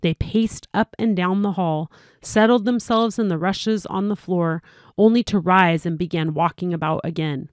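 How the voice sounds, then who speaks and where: A woman reading a storybook aloud as narrator, steady and clear, with small slips. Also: lowish voice, normal speed, dry recording, clean studio sound.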